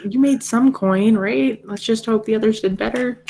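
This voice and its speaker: A woman's voice: fairly high pitch, mellow. Teasing woman player. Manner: teasing, quick questions. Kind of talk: in-character tabletop play.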